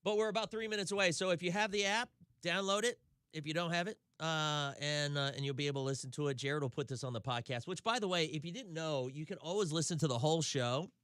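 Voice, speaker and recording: A Tennessee man with a Southern accent hosts a radio show, chatting loosely and laughing easily between stories. His voice is fairly high and a bit bright, clear and resonant, and he talks fast. The studio-quality recording has no room sound.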